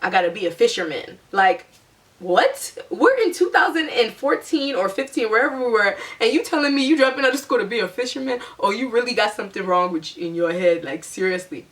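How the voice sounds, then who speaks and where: A young adult woman telling a personal story to her viewers in a chatty, animated way, with lots of "like". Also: on the high side, fairly quick, distant mic. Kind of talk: casual storytime monologue.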